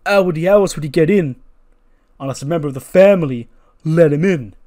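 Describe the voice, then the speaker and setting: A man's voice: fairly high pitch, a little fast, voice pushed up, lightly acted. A man voicing a brash, hot-headed young male wrestler cutting an angry promo and calling everyone "Uso". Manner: shouty, repeating "Uso" as a tag.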